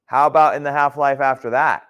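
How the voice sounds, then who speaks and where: A man's voice: mid-range voice, steady tone, fairly quick, fairly bright tone, smooth. A man teaching a geology class in a conversational lecture style, often checking in with his students. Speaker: geology instructor.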